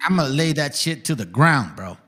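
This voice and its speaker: A man's voice: fairly high pitch, very animated, moderate pace, pushed and bright, a little hiss or hum. A man hosting a casual reaction commentary, ranting heatedly and swearing constantly. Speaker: stream host.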